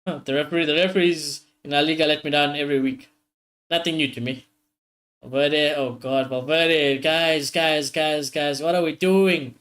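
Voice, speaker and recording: A high-voiced man streams a live football watchalong. He reacts loudly to every chance, swears freely and keeps calling out to his viewers. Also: normal speed. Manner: excitable, swears often, talks straight to viewers.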